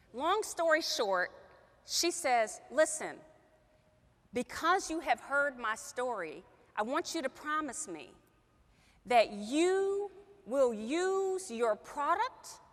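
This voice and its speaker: Woman trainer, animated storyteller, wide-ranging pitch, in a reverberant hall. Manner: animated storyteller, acts out quoted dialogue. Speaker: company sales trainer. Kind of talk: emotional storytelling talk.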